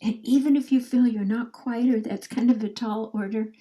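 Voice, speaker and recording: A woman leading a guided meditation in a soft, drawn-out way, her phrases trailing off into whispers as she invites listeners to repeat affirmations after her. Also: on the high side, fairly even intonation, poor audio. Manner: leads call-and-response affirmations.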